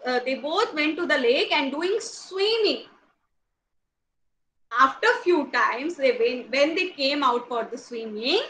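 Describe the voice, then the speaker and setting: A woman's voice: sits high, low-quality recording. A woman with an Indian English accent, telling a story and asking questions as a nursery teacher. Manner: animated, acts out sneezes and sounds, asks kids questions. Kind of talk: storytelling to young children in an online class.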